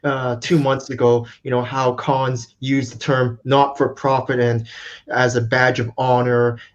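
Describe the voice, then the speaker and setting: A man co-hosting a casual chat, explaining his view in a measured way. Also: mid-range voice, little pitch movement. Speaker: co-host. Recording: dull lo-fi mic.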